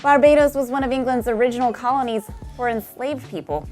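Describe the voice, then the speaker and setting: A woman's voice: on the high side, fairly quick, darkish tone. A woman in her thirties from Nashville hosting a music news show, reading her script with breezy, slangy asides. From Nashville, USA. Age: 30s.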